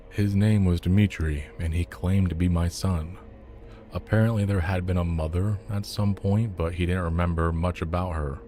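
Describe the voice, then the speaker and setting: A man narrating a scripted horror story in a calm, measured way. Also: sits low. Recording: soft music under the voice.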